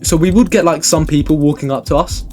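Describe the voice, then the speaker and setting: A young man spins a rambling, excitable storytime with a fairly high voice and loose swearing. Faint music plays underneath. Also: fast. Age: young adult. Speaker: streamer telling a story. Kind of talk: casual storytime vlog.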